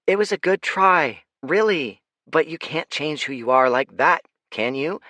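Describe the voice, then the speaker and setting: A man's voice: on the high side, lively intonation, measured pace, pushed and bright, no echo, pitched above the performer's own voice. A male narrator voicing a blunt young woman who speaks matter-of-factly and teases, in an audiobook. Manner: matter-of-fact, bluntly teasing.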